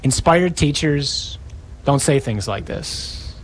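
A man's voice: on the high side, animated, slow pace, slight background noise. A man preaching a sermon, acting out scripture with dramatic shifts in tone.

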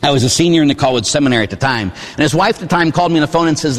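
A priest in his forties from Pittsburgh, preaching a sermon with animated storytelling and asides to the congregation. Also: fairly high pitch, rapid-fire, big-room sound. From Pittsburgh, USA. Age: 40s. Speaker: Catholic priest. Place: church.

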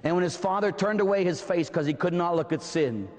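A man preaching an impassioned sermon, often shouting, with dramatic pauses. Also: high voice, big-room sound.

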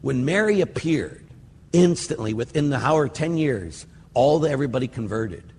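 An older man, a Catholic priest, giving a casual, rambling teaching talk that slows down whenever he recites prayers. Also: medium pitch, expressive, darkish tone. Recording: hall reverb with faint ambient noise.

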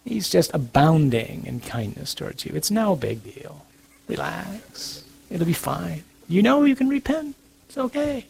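A man voicing a sly little devil on the shoulder, soft and falsely soothing, with a husky voice. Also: on the high side, sing-song, measured pace, heavily acted. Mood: coaxing.

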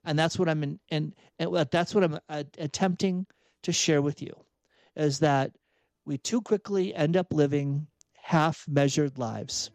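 A man's voice: on the high side, unhurried, a little mellow, dry recording. A man giving an earnest, emphatic spoken reflection on Catholic faith, repeating phrases for emphasis. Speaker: Catholic speaker and author.

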